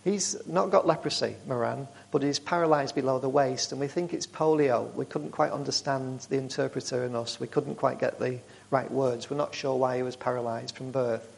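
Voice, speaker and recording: A man speaking to a church group, telling warm, rambling stories with frequent restarts. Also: medium pitch, fairly even intonation, normal speed, gravelly, few pauses. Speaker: charity speaker.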